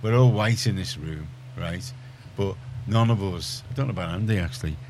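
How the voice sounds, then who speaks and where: A man's voice: deep voice, moderate pace, a little mellow, a little hiss or hum. A middle-aged man, telling stories in casual radio chat, full of restarts and asides. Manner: rambling storyteller, many restarts.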